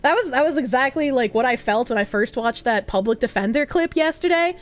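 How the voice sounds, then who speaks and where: A woman streamer in casual chat, reading out donations with giggly laughs, loud outbursts and swearing. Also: high voice, expressive, brisk. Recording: faint music behind voice.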